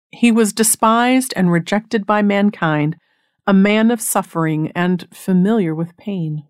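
A woman giving an earnest, measured devotional narration that reads out Bible passages. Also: on the low side, no echo, clean studio sound. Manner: measured, earnest reading of scripture. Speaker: Bible teacher.

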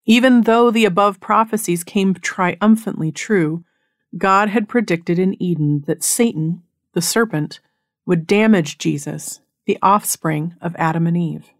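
A woman giving an earnest, measured devotional narration that reads out Bible passages. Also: lowish voice, no room sound, clean studio sound. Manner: measured, earnest reading of scripture. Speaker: Bible teacher.

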